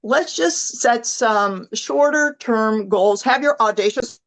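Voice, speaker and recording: An enthusiastic woman with a somewhat high voice leads a motivational team call. She talks in a chatty, gushing way over a video-call mic, and her voice is a little hoarse. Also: slow pace, low-quality recording. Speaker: team leader.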